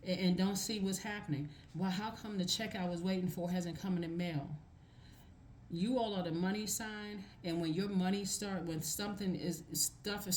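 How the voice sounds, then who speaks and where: Lower-pitched woman giving an emphatic tarot reading. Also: darkish tone, a little hiss or hum. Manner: emphatic, repeats phrases for stress. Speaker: tarot reader. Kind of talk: casual tarot reading monologue.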